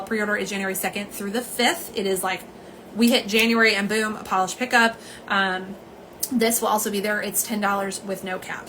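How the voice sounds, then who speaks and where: A woman's voice: medium pitch, a bit bright, slight background noise, rough recording. A woman chatting casually on a live stream from home, rambling and greeting viewers by name. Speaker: livestream host. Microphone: phone camera.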